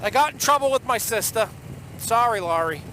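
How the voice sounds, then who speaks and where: A man's voice: very high-pitched, expressive, a little fast. A man with a Boston accent, telling a rambling, chatty story in a casual vlog recorded outdoors on the road. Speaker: vlogger. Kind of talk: casual vlog while riding. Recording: outdoor traffic noise.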